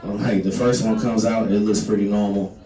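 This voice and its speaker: A man's voice: on the low side, steady tone, moderate pace, music in the background. A man doing a stand-up set, rambling loosely with lots of fillers. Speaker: stand-up comedian. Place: small comedy club. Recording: echoey club, mic from far off, loud crowd. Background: audience laughter.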